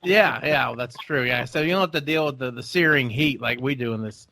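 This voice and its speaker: Guy cohosting, folksy joker, bright edgy voice, dead dry mic. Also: mid-range voice, a little fast, no echo. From Texas. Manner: jokey storyteller, folksy phrasing. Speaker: podcast co-host. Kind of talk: casual chat.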